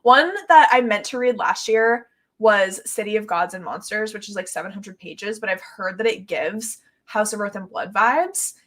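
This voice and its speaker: A woman's voice: medium pitch, normal speed, fairly bright tone. A young woman hosting a live reading stream, chatting casually in a bubbly, gushing way and reading viewer comments aloud. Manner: bubbly and gushing, many "like"s and "oh my gosh"s, laughs often. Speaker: booktube live stream host.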